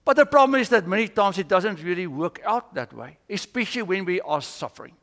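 A man's voice: sits high, lively intonation, brisk, a bit bright. A man preaching a sermon in a church, earnest and telling stories as he teaches. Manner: earnest, storytelling. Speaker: pastor. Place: church sanctuary. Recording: long church reverb.

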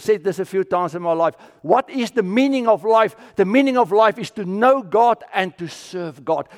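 Male preacher from South Africa, high voice, long hall echo, dramatic dynamic drops. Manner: dramatic swings from loud to near-whisper. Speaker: pastor. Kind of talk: sermon.

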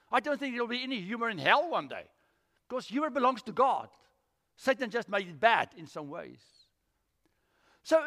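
Animated pastor preaching in a hall. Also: male voice, extremely high pitch. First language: Afrikaans. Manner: animated storytelling with acted-out voices. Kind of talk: sermon. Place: church.

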